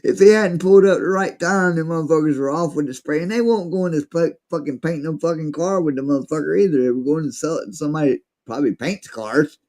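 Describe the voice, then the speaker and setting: A man's voice: fairly high pitch, fast talker, few pauses, darkish tone. A man telling a rambling, profane story in casual chat, acting out what people said. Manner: rambling, profane, acts out quotes.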